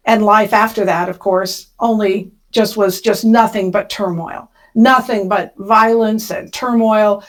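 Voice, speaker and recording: A middle-aged woman from Kansas, a podcast guest telling a personal story with emotion, rushing when she relives the panic. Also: mid-range voice, poor audio.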